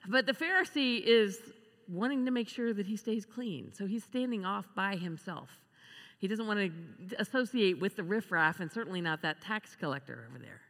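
A woman preaching a sermon, expressive, acting out the voices she quotes. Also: mid-range voice, normal speed. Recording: long reverb of a large hall.

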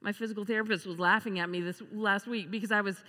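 A woman preaching a sermon, expressive, acting out the voices she quotes. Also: medium pitch, fast talker. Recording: long reverb of a large hall.

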